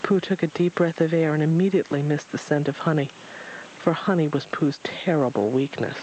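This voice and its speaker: A man reading a storybook aloud in a gentle, even voice. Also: on the high side, a little fast, a little hiss or hum, poor audio.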